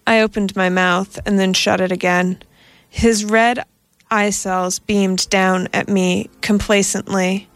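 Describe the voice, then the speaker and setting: A woman reading a first-person story in a steady, measured narration. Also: mid-range voice, dry recording.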